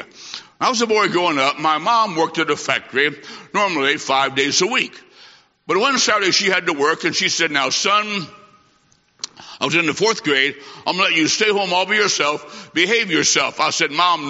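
A man's voice: high-pitched, bright, forceful tone. A middle-aged man preaching a sermon, telling a childhood story with emphatic, repeated phrases. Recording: dull recording in a reverberant hall.

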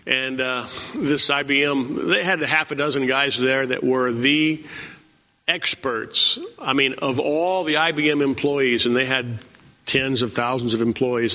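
A man preaching an informal sermon in a folksy, conversational way, often pausing with "uh". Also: a little high, sharp tone. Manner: folksy and conversational, many "uh" fillers. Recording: echoey hall, dull lo-fi sound.

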